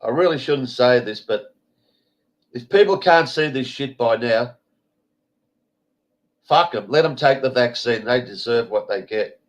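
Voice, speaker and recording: A man's voice: mid-range voice, unhurried, long pauses. An Australian man hosting an online show, congested and stuffy, rambling in a blunt, foul-mouthed, casual way. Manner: swears freely, blunt and rambling. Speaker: show host. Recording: dull lo-fi stream audio.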